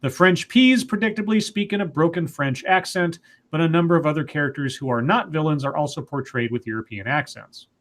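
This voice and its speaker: A male co-host with a slightly higher voice reads articles aloud. Between passages he adds dry, wry asides in a casual tone. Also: a little fast, few pauses, a bit bright. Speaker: co-host reading news stories.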